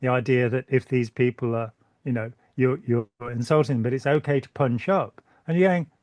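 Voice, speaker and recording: A British man hosts a relaxed conversation, wandering from point to point with wry jokes and false starts. His voice sounds a little worn by the end. The sound is dry and close. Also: medium pitch, a little fast, dry recording. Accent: British English. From Britain. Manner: rambling, joking, stumbles and repeats words. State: voice tiring. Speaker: channel host. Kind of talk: casual conversation.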